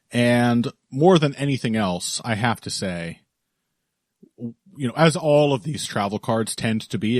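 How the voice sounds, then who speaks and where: A man hosting a podcast in relaxed, chatty talk, laughing often. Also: lowish voice, no room sound, clean studio sound. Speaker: podcast host. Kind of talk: casual podcast chat.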